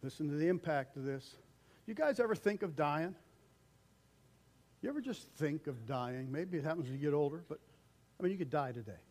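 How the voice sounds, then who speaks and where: An older man preaching a conversational sermon as pastor, acting out quoted voices and swinging between loud calls and hushed lines. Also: fairly high pitch, animated, brisk, long pauses.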